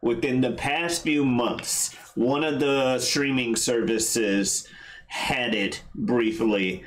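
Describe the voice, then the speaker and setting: A man's voice: medium pitch, takes it slowly. A man hosting a casual podcast, opening with playful, showy self-introductions. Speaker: podcast host.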